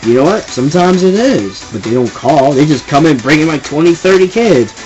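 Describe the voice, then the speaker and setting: A man's voice: on the high side, animated, brisk, darkish tone, muffled recording, soft background music. A young man ranting casually and with exasperation, rambling and repeating himself. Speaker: vlogger ranting. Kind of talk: casual rant to camera.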